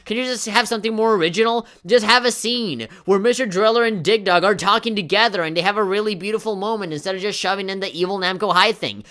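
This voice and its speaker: A woman's voice: mid-range voice, a little fast, a bit bright, faint music behind. Exasperated woman ranting over a game. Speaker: let's play host. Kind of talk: game commentary rant.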